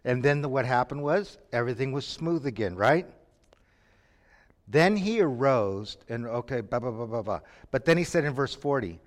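A man preaching a sermon, moving between quiet lines and sudden shouts. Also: mid-range voice, animated, normal speed. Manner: dramatic, shifts from quiet to shouting. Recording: long reverb from a hall.

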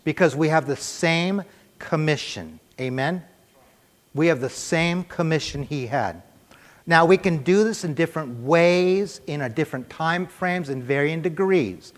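A middle-aged man preaching a sermon in a conversational, animated way, telling a personal story and acting out the voices in it. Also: fairly high pitch. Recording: reverberant church hall.

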